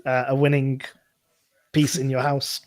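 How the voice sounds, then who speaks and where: A man's voice: medium pitch, completely flat delivery, unhurried. A man co-hosting a casual gaming show, talking in a hesitant way with repeated words and frequent laughter. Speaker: co-host.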